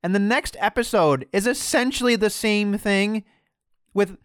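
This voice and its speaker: High-pitched man, lively profane rant. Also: unhurried, clear, resonant tone, no echo, clean studio sound. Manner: animated, profane, mimics others in quoted bits. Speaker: podcast co-host. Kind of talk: casual wrestling podcast chat.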